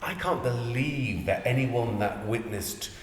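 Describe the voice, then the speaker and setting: A man's voice: mid-range voice, a little slow. A man hosting a podcast, talking in a rambling, enthusiastic way with plenty of restarts. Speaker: podcast host. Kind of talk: casual chat. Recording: echoey room with faint noise.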